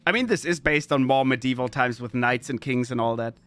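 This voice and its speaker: A man's voice: mid-range voice, a little fast, fairly bright tone, faint music behind. A man, streaming a game in chatty commentary, often laughing and reading game text aloud. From Austria. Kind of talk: gameplay commentary.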